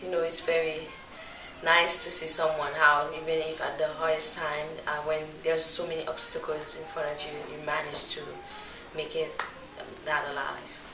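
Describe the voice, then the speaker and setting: Woman student, low flat voice, earnest and reflective, far off in an echoey room, music behind. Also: moderate pace. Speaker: student on a study trip.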